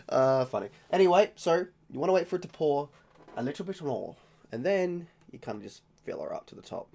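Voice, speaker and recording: A man's voice: medium pitch, expressive, a little fast, vocal fry, a little mellow. Chatty Australian guy rambling on. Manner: rambling, chatty, self-correcting. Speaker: channel host. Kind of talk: casual beer tasting vlog.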